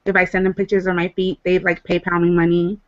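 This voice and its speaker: A woman's voice: lowish voice, completely flat delivery, quick pace, muffled recording. A woman poet talking casually on a livestream, telling a story frankly and swearing freely. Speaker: poet guest.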